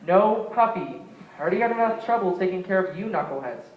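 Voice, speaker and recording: A man's voice: high-pitched, lively intonation, fast, noisy background. A teenage male student actor playing a tired, exasperated young father of three on a school stage. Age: teens. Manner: exasperated, scolding then hushing. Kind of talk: stage play acting. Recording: echoey stage audio, dull sound.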